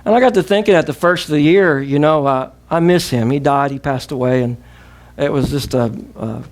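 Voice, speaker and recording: Southern US pastor, middle-aged man, slightly high voice, emphatic preaching with call-and-response. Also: fairly quick. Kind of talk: sermon.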